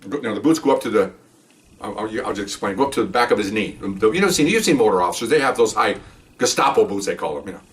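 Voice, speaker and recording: A man's voice: lowish voice, animated, fast, far from the mic. An older man, a retired police officer, telling a patrol story in a casual, rambling way full of asides and "okay?" check-ins.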